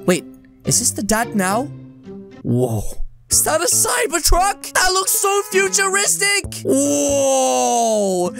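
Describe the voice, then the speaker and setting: A woman's voice: very high voice, sing-song, a little slow, fairly bright tone. A woman narrating a role-play game for viewers in a playful, dramatic way. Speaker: gaming YouTuber. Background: background music.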